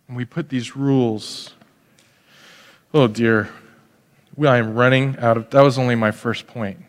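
A man preaching a sermon as a pastor in a lively, joking way, often restarting his phrases. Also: medium pitch, a little slow, long pauses. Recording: long hall reverb.

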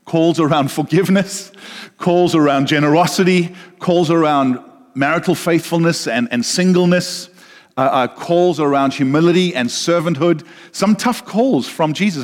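A man preaching a sermon, earnest and repeating words, asking the congregation questions. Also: a little high. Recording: long reverb of a large hall.

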